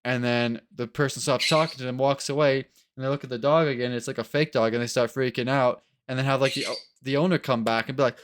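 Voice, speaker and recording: A man chatting casually in a reaction video, rambling and animated, often acting out other people's voices. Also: medium pitch, fast, few pauses, slight background noise. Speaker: co-host.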